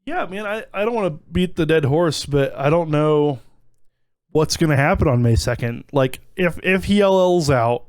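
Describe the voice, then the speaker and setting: A man's voice: fairly high pitch, animated, moderate pace, no echo. A man co-hosting a casual podcast chat, rambling with lots of fillers and laughing often. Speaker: podcast co-host.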